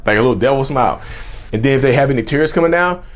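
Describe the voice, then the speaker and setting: A man talks straight to his viewers in a casual, unscripted way, often circling back and repeating himself as he builds his point. His pitch swings widely, rising and dropping with emphasis. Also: rapid-fire. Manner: animated, repeats and restarts phrases, addresses viewers directly. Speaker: mental health commentator. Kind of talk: casual talk to camera.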